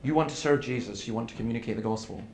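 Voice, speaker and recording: This preacher talks very fast in a mid-range, darkish voice, earnestly recounting stories with quoted dialogue at a seminar. Faint room noise and echo from the hall are audible.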